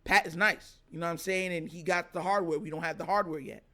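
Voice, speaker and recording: A man hosting a sports talk show, giving animated casual reaction commentary and laughing often. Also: fairly high pitch, quick pace. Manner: animated, excitable, laughs often, mimics players.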